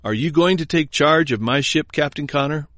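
A man's voice: a little high, normal speed, a bit bright, dry recording, clean studio sound, pitched above the performer's own voice, natural voice. A man reading the lines of an English ship commander who has lost his ship. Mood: indignant.

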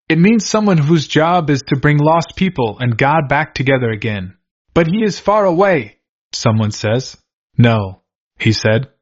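An older man reading a religious children's story aloud, earnest and plain, asking the listener gentle questions. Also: a little high, dull audio. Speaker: narrator of a devotional book.

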